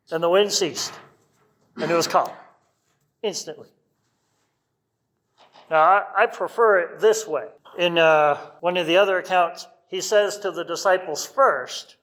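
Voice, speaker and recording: A man's voice: sits high, animated, measured pace, fairly bright tone. A man preaching a sermon in a conversational way, asking his listeners rhetorical questions. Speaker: pastor.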